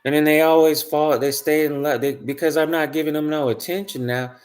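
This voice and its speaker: A man's voice: on the high side, steady tone, fairly quick, darkish tone. A man telling a personal story in a casual monologue, rambling and emphatic, swearing freely. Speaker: spiritual vlogger.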